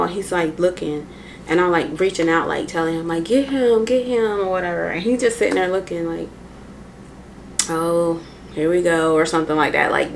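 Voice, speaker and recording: A woman's voice: fairly low pitch, creaky, slight background noise, poor audio. A woman vlogger telling a personal story in a loose, slangy way, candid and matter-of-fact, with lots of "like" and "or whatever.". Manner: candid, matter-of-fact retelling of hard memories.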